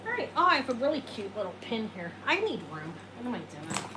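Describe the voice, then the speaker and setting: A woman's voice: a little high, wildly swooping pitch, brisk, heavy background noise. A woman hosting a live jewelry sale, talking in a chatty, rambling way, answering viewers and joking at her own expense. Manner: self-deprecating, jokes and laughs. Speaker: host selling jewelry live. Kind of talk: casual live sales chat.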